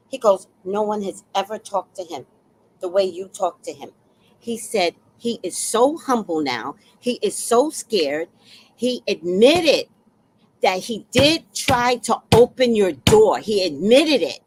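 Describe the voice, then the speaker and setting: A woman in her sixties telling a story on a casual livestream, blunt and fiery, with sudden loud outbursts. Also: medium pitch, very animated, a little slow, husky. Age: 60s.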